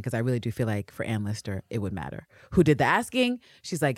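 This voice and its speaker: Woman podcast co-host, low voice, dry close sound, loose and profane. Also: fast talker, hardly any pauses, no room sound. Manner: animated, swears freely, acts out characters' lines. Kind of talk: casual recap chat.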